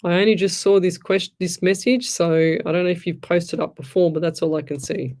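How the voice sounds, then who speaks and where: Her lowish, slightly mellow voice moves at normal speed with fairly even intonation. She's a middle-aged psychic medium radio host on a casual live stream, reading comments aloud, rambling a bit and addressing listeners straight on with frank, blunt advice.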